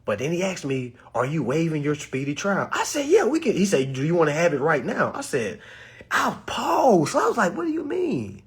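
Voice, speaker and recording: A young man telling a story to his audience, acting out the quotes with sudden high bursts and laughs. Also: big pitch swings, normal speed, slightly rough. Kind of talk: animated storytelling talk.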